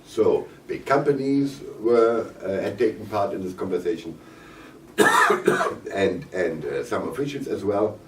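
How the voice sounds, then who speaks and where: Hoarse and coughing, a German-accented visiting parliamentarian speaks English at a press conference in a conference room, stumbling through fillers and restarts. His voice sits on the low side. The recording is roomy and very noisy, taken from a distant mic with faint ambience.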